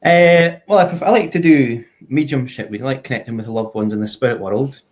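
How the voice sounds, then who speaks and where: A man's voice: medium pitch, a little fast, dull audio. A male guest medium on a remote video call, talking hesitantly with many fillers. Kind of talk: casual live-stream chat.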